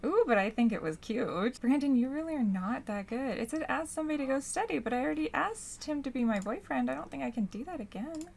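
A young woman casually commenting on her own gameplay, gushing and squealing with excitement. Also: high voice, a little fast, creaky, few pauses. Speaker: gaming channel host.

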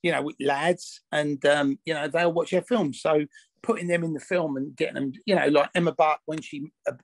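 A man's voice: fairly high pitch, steady tone, moderate pace, dry recording. A man, an actor telling stories in a candid interview, blunt and full of restarts. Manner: blunt, rambling, many restarts and fillers. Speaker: actor and film producer being interviewed.

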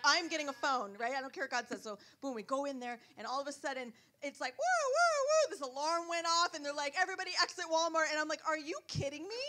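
A woman sharing a personal testimony at a church service, telling her story in an animated way and acting out what people said. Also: high-pitched. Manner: animated storytelling with quoted dialogue. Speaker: church member giving testimony.

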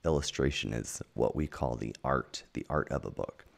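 A man reading a children's picture book aloud at home, gentle and unhurried, pausing to point out the pictures. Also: extremely low pitch, vocal fry. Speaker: storytime reader. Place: at home with a dog.

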